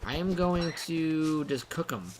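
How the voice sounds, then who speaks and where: A young man commenting live on his own gameplay, excitable, rambling and poking fun at himself. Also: fairly high pitch, takes it slowly, background noise. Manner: excitable, rambling, self-mocking. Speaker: game streamer.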